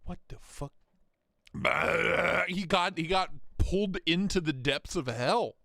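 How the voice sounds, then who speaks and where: Brief: male stream host, high and bouncy, jokey rambling delivery, dry close sound. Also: slow pace, creaky, pushed and bright, no room sound. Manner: joking, rambling, laughs often. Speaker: livestream host. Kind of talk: casual live-stream chat.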